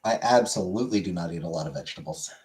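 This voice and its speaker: A man answering casual questions in a podcast chat with dry, deadpan humor. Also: low-pitched, racing.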